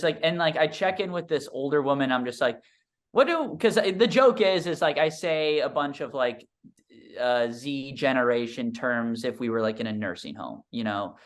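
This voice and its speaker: A young man, a stand-up comedian, telling a story in a casual, rambling, self-deprecating way with lots of fillers. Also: medium pitch. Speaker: stand-up comedian and podcast guest.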